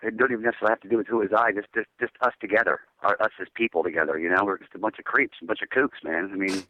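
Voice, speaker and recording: A man's voice: on the low side, rapid-fire, dry recording, highs cut off. A man, a metal band's singer, chatting casually in an interview and telling rambling laid-back stories full of "dude". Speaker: metal band singer guest.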